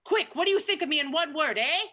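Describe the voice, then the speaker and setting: A woman's voice: high voice, animated, quick pace, bright, forceful tone. A woman playing a talkative, self-righteous Canadian woman in an improv scene, rambling on and tagging lines with "eh". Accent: Canadian put-on. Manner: rambling, indignant, ends lines with "eh". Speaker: improv performer.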